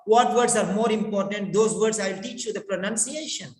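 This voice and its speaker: Male pronunciation teacher, high pitch, repeats himself to coax students; echoey room with a long reverb tail. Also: brisk, darkish tone. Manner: repeats words and phrases, coaxing students to respond. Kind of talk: online class teaching. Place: in his village.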